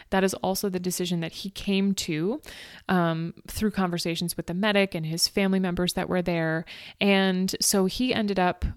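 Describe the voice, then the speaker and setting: A woman's voice: mid-range voice, no echo. A woman telling her own race story in a personal, chatty way, full of "like" and "um", close to tears at times. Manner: emotional, fighting back tears; frequent fillers like "like" and "um". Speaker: ultrarunner recounting a race.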